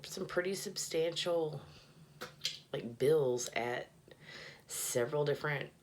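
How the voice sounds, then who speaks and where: A woman's voice: sits low, takes it slowly. A tipsy woman rambling casually and profanely in a bathroom, often dropping to a mutter. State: tipsy, slurring a little. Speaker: vlogger.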